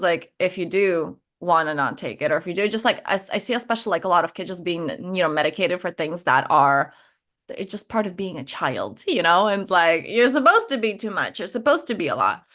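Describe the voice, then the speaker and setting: A woman's voice: fairly low pitch, expressive, fairly quick, fairly bright tone. A middle-aged woman coach chatting candidly and animatedly over a video call, with many fillers and easy laughs. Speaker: transformation coach. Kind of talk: casual spiritual conversation.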